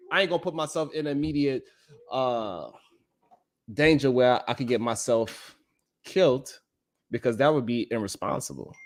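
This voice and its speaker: A man, hosting a live stream in a blunt, profane, emphatic casual monologue that keeps checking in with "you know what I'm saying". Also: mid-range voice. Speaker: live-stream show host.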